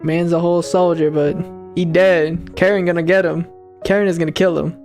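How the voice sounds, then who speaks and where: A man casually commenting on a game he plays for the first time, reading its lines aloud and bursting into slangy, excitable reactions. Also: fairly high pitch, moderate pace, faint music behind. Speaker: gaming channel host.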